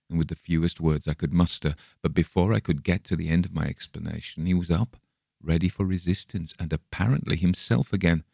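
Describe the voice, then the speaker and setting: Male narrator, very low voice with gravelly fry, dry close recording, measured storytelling. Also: warm tone, dry recording. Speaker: audiobook narrator. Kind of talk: scripted narration of a classic story.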